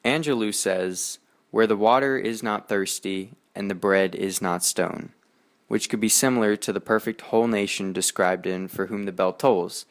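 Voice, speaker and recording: A teenage boy reads his poetry report aloud, steady and earnest, with now and then a stumble over a word. His voice sits low and sounds clean and smooth. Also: normal speed. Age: teens. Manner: steady, earnest reading with small slips. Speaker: student presenter. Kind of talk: reading a school poetry explication.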